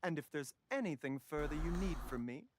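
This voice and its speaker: An actor playing a calm, polite male pharmacist in a video game, speaking in a soft, measured way. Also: on the high side, close to an everyday voice. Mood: informative. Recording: game audio with background noise.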